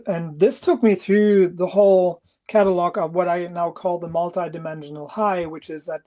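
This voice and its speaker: A man's voice: high-pitched, warm tone. A man hosting an interview, thoughtful and searching for his words as he explains. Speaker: host. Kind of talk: casual interview.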